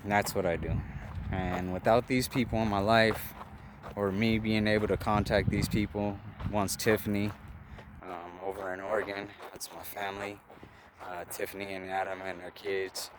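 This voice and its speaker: A man's voice: fairly low pitch, little pitch movement, moderate pace. Rambling, profane man by a busy roadside. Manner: rambling and profane, with many fillers. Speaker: vlogger. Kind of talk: casual storytelling. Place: outdoors by a roadside, traffic nearby. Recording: outdoor traffic noise.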